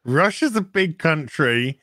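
A playful man chatting on a live stream, his voice bright and a little higher than most men's. The sound is dry and close, with almost no room. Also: expressive, slow, no echo. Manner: jokey, playful, does put-on voices. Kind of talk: casual live-stream chat.

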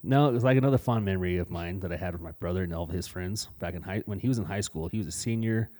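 In a casual storytelling chat, this podcast co-host recounts blunt stories from his youth, heavy on profanity. He has a low, dark-toned voice and a rapid-fire delivery.

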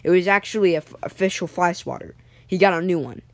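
Young storyteller making it up on the fly, lots of restarts, dry close sound, mid pitch. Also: dry recording. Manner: halting, with frequent restarts and self-corrections. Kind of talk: improvised story narration.

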